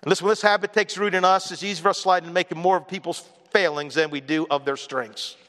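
Male pastor, bright forceful delivery, conversational sermon storyteller, long hall reverb. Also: high voice, fairly even intonation, fast. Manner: conversational storytelling preacher, mimics others with a raised voice.

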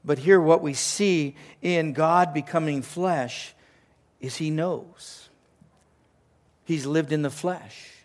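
A man's voice: fairly high pitch, slow pace. A man preaching a sermon, earnest, repeating phrases for emphasis and sometimes dropping almost to a whisper. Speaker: pastor.

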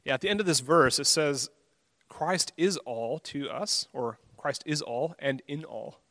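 A man's voice: on the high side, measured pace, a bit bright, no room sound. A man preaching a sermon, earnest and conversational, acting out his own inner thoughts with a self-deprecating touch.

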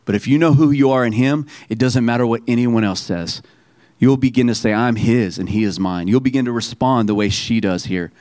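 A pastor preaches a sermon to his congregation, reading scripture aloud slowly and emphatically and calling on listeners to repeat lines back to him in call-and-response. His mid-range voice is a little mellow, and the recording is dry.

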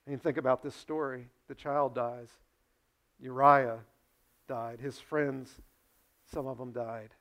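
A pastor preaching a sermon, retelling a story and acting out its dialogue with sudden swings from quiet to loud. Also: male voice, medium pitch, fairly even intonation, takes it slowly, long pauses. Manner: storytelling, acts out dialogue with big swings in loudness.

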